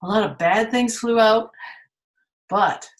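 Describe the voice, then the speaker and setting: A woman telling a story to children at a museum, in a gentle, expressive manner, asking her listeners questions. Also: mid-range voice, slow pace, slight background noise.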